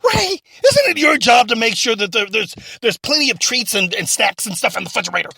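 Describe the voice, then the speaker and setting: A blustering loudmouth radio host, played by a man, stammering and ranting in a comedy skit. His bright voice leaps around in pitch. The recording is dry and close. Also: big pitch swings, fairly quick, creaky, husky, dry recording, exaggerated voice. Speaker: radio talk show host.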